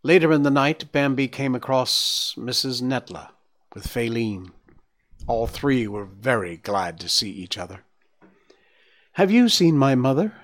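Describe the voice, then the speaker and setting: A man's voice: mid-range voice, unhurried, fairly bright tone. Man reading a storybook aloud. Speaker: livestream host reading a book aloud. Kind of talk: storybook narration on a live stream.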